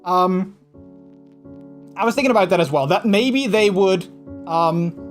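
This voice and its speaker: A man's voice: high-pitched, unhurried, faint music behind. Rambling Dutch-accented male streamer. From Netherlands. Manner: rambling, full of fillers and restarts; slips into mocking put-on voices when quoting. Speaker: livestreamer. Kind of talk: casual livestream chat with viewers.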